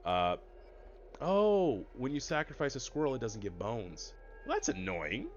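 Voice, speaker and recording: A man's voice: mid-range voice, wildly swooping pitch, a little slow, dull audio, soft background music. A man streaming a card game, chatting casually and explaining the rules to his chat over a headset mic. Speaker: gaming streamer. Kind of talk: casual let's-play commentary.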